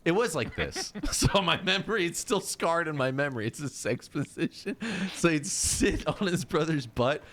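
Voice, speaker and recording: A man's voice: a little high, animated, moderate pace, few pauses, fairly bright tone. A man streaming a game, telling stories in casual chat. He laughs often and swears freely. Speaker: let's play streamer. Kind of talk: casual chat while gaming.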